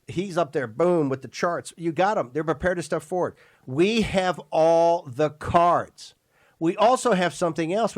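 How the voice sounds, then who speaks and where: A man's voice: on the high side, dry recording, clean studio sound. A man hosting a political talk radio show, emphatic and rambling, often repeating and restarting words.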